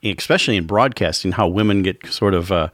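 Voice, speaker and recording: A man's voice: deep voice, brisk, fairly bright tone, no room sound, studio quality. A man hosting a radio talk show, reading the station break and then asking a rambling question with many fillers. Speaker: radio host.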